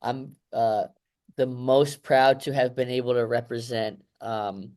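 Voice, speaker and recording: Man, thirties, mid-pitched, reflective interview guest, rambling and emotional, many fillers. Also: fairly even intonation, unhurried, a little mellow. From United States. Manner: emotional, rambling, heavy fillers like "you know" and "right". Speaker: guest, Olympic wrestler.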